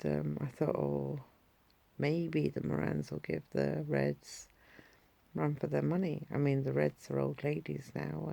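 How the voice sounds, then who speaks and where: A woman tells a casual story to her viewers, rambling and correcting herself as she goes. Her voice carries a strong gravelly fry. She speaks slowly and unhurriedly, with a dark, mellow tone. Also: low voice, dry recording. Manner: rambling, with frequent fillers and self-corrections. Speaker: vlogger.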